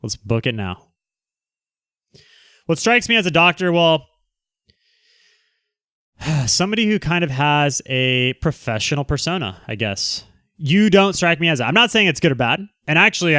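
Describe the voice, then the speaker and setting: A man's voice: medium pitch, fairly bright tone, clear, resonant tone, no echo, clean studio sound. A man hosting a casual livestream, reading the chat aloud and answering in a brash, teasing, joking way. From Southern California.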